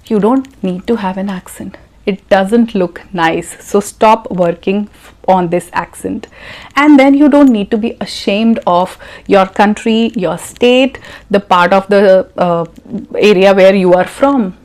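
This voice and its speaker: Woman lecturing her channel, lots of rhetorical questions, mid pitch. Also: a little mellow. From India. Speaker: YouTube English coach. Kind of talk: advice talk to camera.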